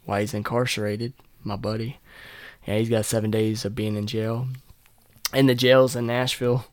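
A man's voice: fairly low pitch, no echo, clean studio sound. Young joking podcast host man. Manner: joking, crude and rambling, laughs often. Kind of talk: casual solo podcast chat.

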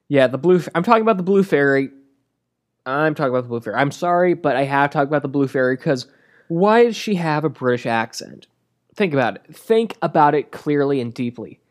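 Sarcastic ranting movie reviewer. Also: medium pitch. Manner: sarcastic, crude, exasperated. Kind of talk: comedic movie rant.

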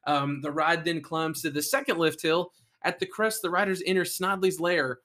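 A man's voice: fairly high pitch, fairly even intonation, normal speed, bright, forceful tone. A man co-hosting a casual podcast, reading facts aloud and breaking off into jokes and asides. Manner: reads ride facts then jokes and asides. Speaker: podcast co-host. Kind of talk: casual chat.

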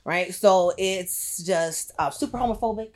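Young woman, brash guest, swears freely, animated joker. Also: mid-range voice, measured pace. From Puerto Rico. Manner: profane, animated, joking. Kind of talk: casual chat.

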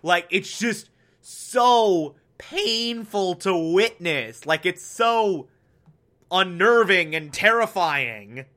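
Man, casual show recap, high voice, slow delivery, lots of fillers. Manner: animated, swears, many fillers, acts out quotes. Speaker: TV show reviewer.

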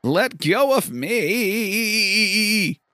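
A man voicing a brash, confident young male sports star in a video game, his voice pushed high and strained. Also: lively intonation, drawn-out words, pushed and bright, dry recording, exaggerated voice. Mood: frantic.

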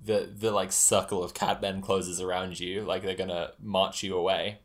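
A man running a tabletop game as game master, narrating haltingly with lots of fillers. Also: deep voice, little pitch movement. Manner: halting, many fillers and restarts, laughs often.

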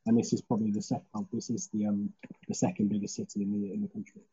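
Brummie man, police officer guest, laid-back and rambling; very dark, husky tone; muffled video-call audio. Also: on the low side, fast. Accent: Birmingham (Brummie). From Birmingham, England. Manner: relaxed, chatty, with frequent restarts. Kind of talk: casual interview over video call.

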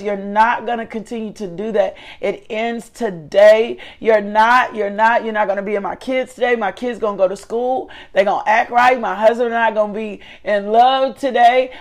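A middle-aged woman hosting a faith talk show, preaching with fervent, emphatic repetition. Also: a little high. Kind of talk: preaching, motivational devotional talk. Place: her living room.

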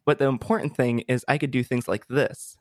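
A young man hosts a casual gaming podcast in a joking, playful way. His voice sits at a middle pitch. It comes through crisp and dry from a compressed streaming mic. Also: steady tone, fairly quick, no echo. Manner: jokey, playful, tries out sound effects. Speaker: podcast host.

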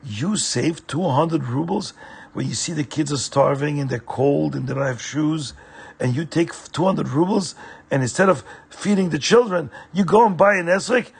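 A man's voice: big pitch swings, brisk, gravelly, breathy edge, exaggerated voice. A man voicing an exasperated wife whose children are going hungry, speaking in a raised, scolding manner. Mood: indignant. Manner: shrill, scolding, indignant.

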